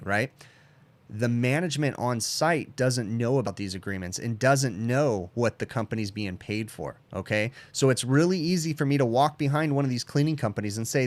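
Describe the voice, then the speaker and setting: A man's voice: medium pitch, dry recording. A man hosting a casual livestream Q&A, blunt and opinionated, tacking "okay?" onto his points. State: sleepy, yawning. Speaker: HVACR channel host answering chat questions.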